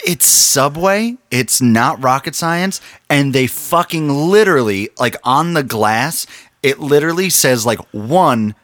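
A man's voice: medium pitch, lively intonation, a little slow, a bit bright, no echo. A man in a casual chat, delivering blunt, sarcastic complaints full of swearing. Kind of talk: casual profane rant.

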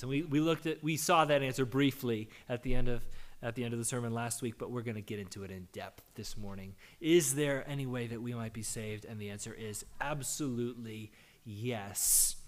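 A pastor giving a conversational sermon, his voice hoarse from a cold, posing questions and answering them. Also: mid-range voice, moderate pace.

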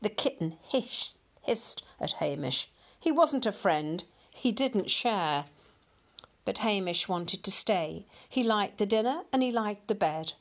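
A woman reading a picture storybook aloud in a slow, expressive storyteller manner. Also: mid-range voice.

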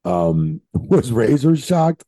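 A man, a veteran referee guest on a podcast, telling profane, animated road stories in casual chat. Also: medium pitch, slow pace, no echo.

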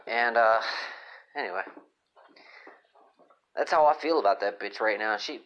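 A man's voice: on the low side, a little slow. A man doing a crude, rambling comedic podcast monologue, swearing constantly and sounding moody. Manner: profane, moody, rambling rants. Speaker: podcast host. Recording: dull lo-fi phone app recording.

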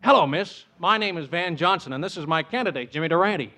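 A man's voice: fairly high pitch, lively intonation, quick pace, bright, forceful tone. A man playing the playful straight man in a 1940s radio comedy. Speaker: comedy co-star. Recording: old broadcast with music.

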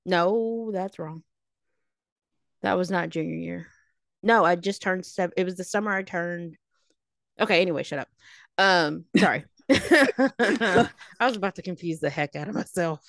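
Woman in her late thirties, gravelly voice, animated and snarky, dry close sound. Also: on the low side, unhurried, pauses often, dry recording. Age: late 30s. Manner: animated, snarky, laughs while telling stories. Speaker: podcast co-host. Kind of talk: casual storytelling chat.

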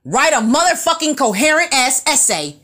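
Blunt, profane woman with lively high pitch. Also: moderate pace. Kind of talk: profane opinion rant.

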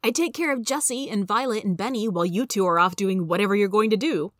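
A woman's voice: mid-range voice, fast, dry recording, studio quality, lightly acted. A woman voicing an earnest, stubborn teenage boy who talks in a pleading, insistent way.

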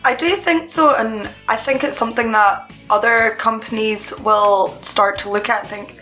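A woman's voice: on the high side, steady tone, normal speed, bright, forceful tone, soft background music. A woman talking as a guest in a casual TV review chat, a bit hesitant. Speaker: podcast guest.

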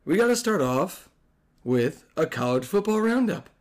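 A hoarse man hosting a casual sports podcast, excitable and profane, rambling with restarts. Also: sits high, normal speed. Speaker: podcast host.

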